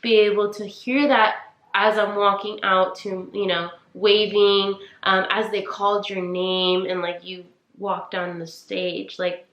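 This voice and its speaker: A woman's voice: medium pitch, little pitch movement, a little slow, fairly bright tone, lo-fi sound. A woman in her twenties co-hosting a podcast. She gives casual, heartfelt advice, says "like" a lot and talks straight to the listeners. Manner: earnest, heartfelt, many "like"s, addresses listeners as "you guys". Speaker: podcast co-host. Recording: echoey room.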